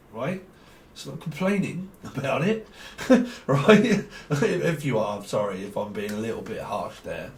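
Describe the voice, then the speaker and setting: Faint background noise and room echo surround this tarot reader, a man whose mid-range voice has a slightly mellow quality. Chatting with his audience, he teases and wanders off on tangents, cursing without restraint and breaking into frequent laughter.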